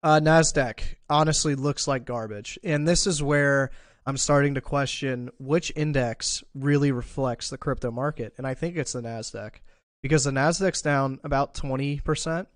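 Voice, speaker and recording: A man's voice: mid-range voice, moderate pace, no room sound. A man streaming live market analysis, thinking aloud in a casual way with fillers and restarts, and a bout of hiccups. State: has the hiccups. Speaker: crypto trading streamer.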